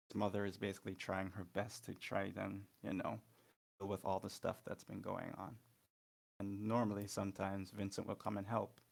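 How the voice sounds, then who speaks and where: A man's voice: low voice, creaky. A man playing a tabletop game, narrating his character in a loose, hesitant way with many fillers. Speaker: player.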